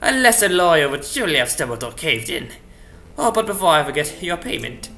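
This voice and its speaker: Man voicing a sly, formal fox investigator for a game playthrough, bright voice. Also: fairly high pitch, sing-song, brisk, creaky, full character voice. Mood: suave. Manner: sly, formal, drops French courtesies. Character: smooth male fox private investigator.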